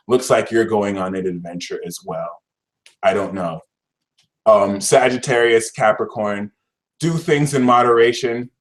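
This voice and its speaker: During a casual tarot reading, this man is dramatic and exasperated, veering between shouts and high-pitched outbursts. His talk is heavy on slang and fillers such as "like" and "y'all."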